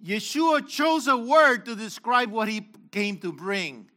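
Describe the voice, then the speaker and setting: Older guy preaching, high voice swinging all over, asks the crowd questions and calls on folks. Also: very animated, slow. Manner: questions the congregation, calls on people by name; shifts between loud exhortation and low asides. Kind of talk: interactive sermon.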